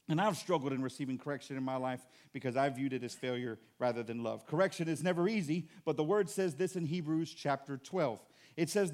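A pastor keeps his sermon animated and conversational, joking with the congregation along the way, in a slightly high voice at a brisk pace.

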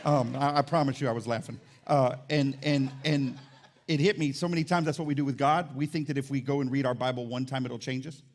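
A pastor preaching a lively, jokey sermon, shifting between quick asides and shouted high points. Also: male voice.

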